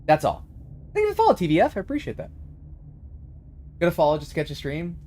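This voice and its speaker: Animated streamer man chatting with viewers. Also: a little high, fast talker, a little hiss or hum. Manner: chatty, reads and answers chat, animated. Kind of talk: casual live-stream chat.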